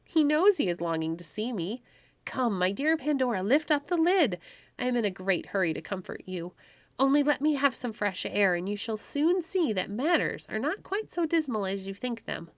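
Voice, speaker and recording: A cheerful winged fairy with a sweet, arch, coaxing voice, played by a woman reading aloud. She is a tiny storybook sprite, gentle and bright, her words coming from a dry, close voice. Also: fairly high pitch, big pitch swings, moderate pace, no room sound, pitched above the performer's own voice.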